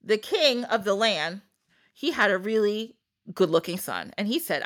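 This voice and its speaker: A woman's voice: mid-range voice, big pitch swings, normal speed, a bit bright. A woman casually retelling a folktale on a podcast, chatty, with jokey asides and frequent laughter. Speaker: podcast storyteller.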